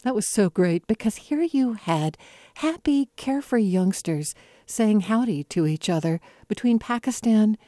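Mellow-voiced woman hosting an interview. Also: mid-range voice, animated, measured pace, dry recording, clean studio sound. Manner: appreciative, enthusiastic questions. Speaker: interviewer, host.

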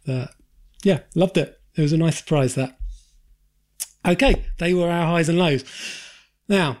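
A man hosts a casual film podcast chat, animated, sweary and jokey. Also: fairly high pitch, moderate pace. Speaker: podcast host.

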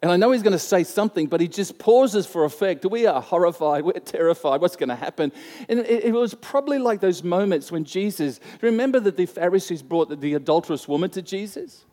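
Preacher in a reverberant hall. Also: male voice, sits high, lively intonation, fairly quick, mellow. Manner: conversational storytelling, acting out quoted voices. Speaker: pastor. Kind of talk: sermon with a personal story. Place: church hall. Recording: long reverb of a church hall.

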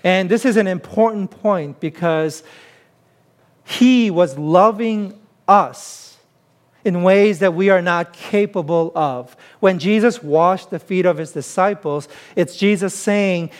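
A man's voice: high voice, measured pace. A man preaching a sermon as pastor, in a conversational way that keeps posing rhetorical questions to the congregation.

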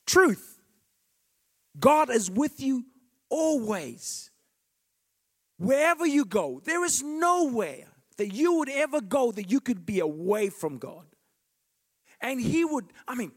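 A man preaches with real fervor, climbing to ringing declarations and then sinking to near-whispered asides. His voice sits high and swoops widely in pitch throughout. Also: very animated, normal speed. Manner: passionate, swinging from loud declarations to hushed asides. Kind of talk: sermon.

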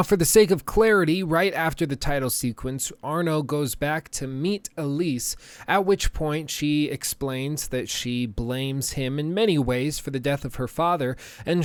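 A man's voice: mid-range voice, smooth, no room sound. A man giving a conversational, opinionated video game review as a voice-over. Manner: conversational and opinionated, with small restarts.

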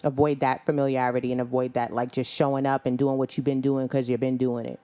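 A woman with a notably low voice co-hosts a faith-based podcast chat. She talks in an unhurried way, pausing on "um" and using tender terms like honey and babe. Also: little pitch movement, warm tone. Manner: unhurried, full of "um" pauses, calls people honey and babe. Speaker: podcast co-host.

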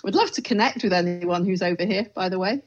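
A woman co-hosting a podcast, speaking in a measured, hesitant way. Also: mid-range voice, dull audio, faint music behind. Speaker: podcast co-host. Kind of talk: casual podcast chat.

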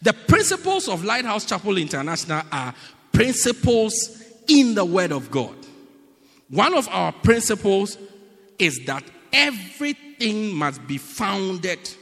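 A high, bright-voiced man preaches in a church hall, his voice carrying a long reverb. His delivery is animated and emphatic, swinging widely in pitch as he repeats phrases and builds to loud bursts. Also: slow. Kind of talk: sermon.

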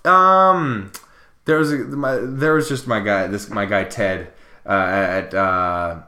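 A man's voice: on the low side, slow pace, pushed and bright. A man co-hosting a casual podcast chat, loose and laughing, swearing now and then. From Massachusetts. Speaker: podcast co-host.

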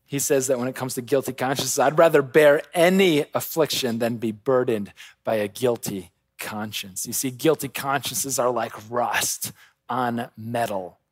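A man preaching a sermon, swinging between quiet intensity and raised urgency. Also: mid-range voice, dry recording. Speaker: pastor.

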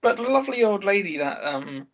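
A man's voice: high voice, very animated, a little fast, a bit bright. An easygoing man on a dull-sounding podcast. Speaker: podcast co-host. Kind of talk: casual chat.

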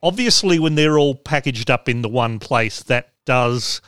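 A man's voice: medium pitch, expressive, unhurried, a bit bright, clear, resonant tone, dry recording, clean studio sound. A man hosting a podcast, explaining things in casual chat with wry asides. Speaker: podcast host.

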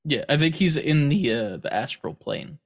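A man co-hosting a gaming podcast, animated and slipping into silly accents. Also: fairly high pitch, moderate pace. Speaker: podcast co-host. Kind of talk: casual chat.

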